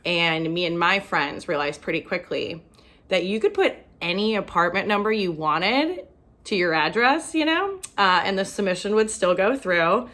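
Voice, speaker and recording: A young woman from Ohio, USA, performs a self-deprecating stand-up set and often laughs at her own jokes. Her voice is mid-range with a fairly bright tone.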